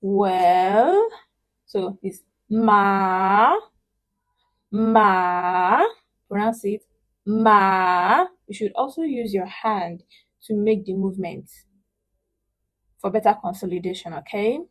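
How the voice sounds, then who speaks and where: A woman whose mid-range voice is slightly rough leads an online Chinese speaking lesson in English. The recording is low quality, and she patiently models sounds, pronouncing syllables slowly and loudly for emphasis.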